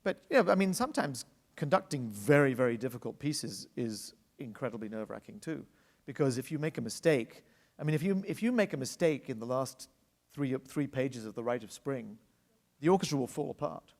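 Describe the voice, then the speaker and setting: An orchestra conductor tells anecdotes in a live onstage interview at a public library salon, laughing often before the audience. His voice is on the high side and gravelly, with the long reverb of a hall.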